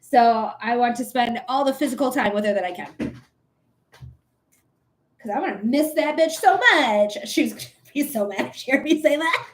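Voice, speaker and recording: A woman's voice: on the high side, lively intonation, moderate pace, pauses often. A woman in her thirties hosting a livestream, chatting casually in a goofy, rambling way and laughing often. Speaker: livestream host and reader.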